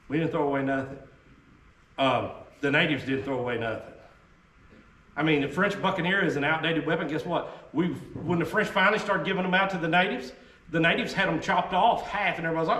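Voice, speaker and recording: Folksy man, high bright voice. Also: brisk. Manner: folksy, emphatic, drawling asides. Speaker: historical reenactor giving a talk. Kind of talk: informal history talk to a group. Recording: echoey room, voice heard from a distance.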